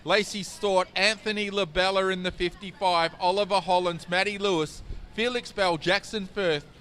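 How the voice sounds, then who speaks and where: A man's voice: high voice, fairly even intonation, moderate pace, sharp tone. A man giving dramatic live commentary on a kart race, calling the action with emphasis. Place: outdoors at a dirt kart track.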